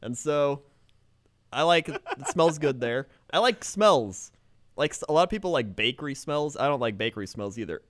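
A man's voice: fairly high pitch, animated, moderate pace, no echo. A man chatting casually on a podcast with dry, understated humor.

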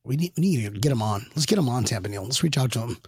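A man hosting a casual sports chat, excitable and rambling, laughing often and restarting his sentences. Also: medium pitch, racing, breathy edge, no echo. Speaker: podcast host.

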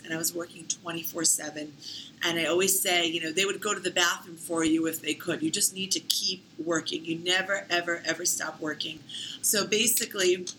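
A woman, telling her story as an interview guest in a lively, talkative way full of "like" and "you know". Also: on the low side, slight background noise, poor audio. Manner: talkative, animated, many fillers like "you know" and "like".

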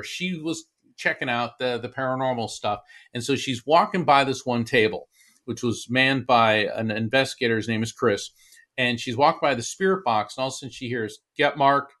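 Earnest man retelling a personal story. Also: mid-range voice. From Florida. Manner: earnest, animated retelling with many restarts. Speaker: medium and author, interview guest. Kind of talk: storytelling in a conversational interview.

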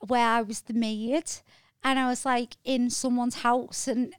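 Giggly high-voiced woman in a dry room. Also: level tone, a little slow, clear, resonant tone, no echo. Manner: giggly, swears freely, says "like" a lot. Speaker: podcast guest. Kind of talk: casual chat.

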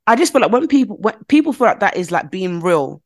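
A woman's voice: medium pitch, big pitch swings, quick pace. A woman, co-hosting a podcast in casual chat, blunt and opinionated, often restarting her phrases as she talks. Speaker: podcast co-host.

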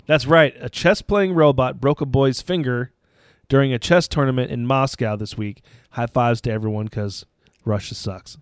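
A man's voice: medium pitch, a little slow, clear, resonant tone, no room sound. A man co-hosting a casual podcast who reads the news segments and throws in dry, sarcastic jokes. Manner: dry, sarcastic, joking asides. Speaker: podcast co-host.

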